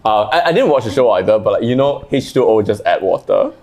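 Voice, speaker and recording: A woman's voice: very deep voice, lively intonation, fast talker, a loud crowd. A woman, a podcast guest chatting casually and reading listener stories, laughing often. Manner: giggly, laughs often, voice leaps up when laughing.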